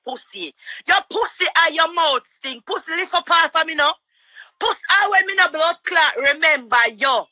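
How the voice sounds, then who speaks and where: A woman with a Jamaican accent shouting and cursing in a heated livestream quarrel. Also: high-pitched, expressive, dry recording. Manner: shouting, cursing, rapid-fire. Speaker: livestream guest.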